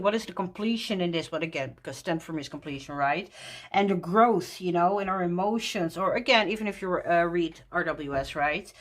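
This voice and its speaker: A woman walking through a tarot deck in casual talk, gushing and excited, laughing often. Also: mid-range voice.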